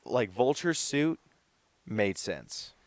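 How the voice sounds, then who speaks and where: A man's voice: mid-range voice, sing-song, slow pace, dry recording. A young man co-hosting a podcast, chatting casually and rambling with lots of "like" fillers. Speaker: podcast co-host. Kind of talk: casual chat.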